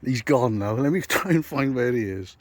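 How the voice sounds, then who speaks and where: A man's voice: medium pitch, animated, normal speed, no room sound. A British man, a builder and landscaper, hosting a casual vlog outdoors on a garden building site, teasing his workmate and chatting through a phone camera. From United Kingdom. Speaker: builder and landscaper, channel host. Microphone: phone camera held by the speaker.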